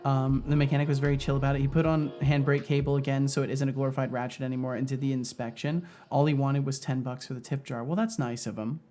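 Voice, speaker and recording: A man's voice: medium pitch, level tone, fast, hardly any pauses, mellow, soft background music. A man streaming as a game developer, chatting casually, rambling and laughing often as he reads chat aloud.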